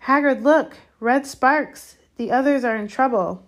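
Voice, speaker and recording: Woman reading as a bright anxious schoolgirl. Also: high voice, lively intonation, unhurried, voice pushed up. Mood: alarmed.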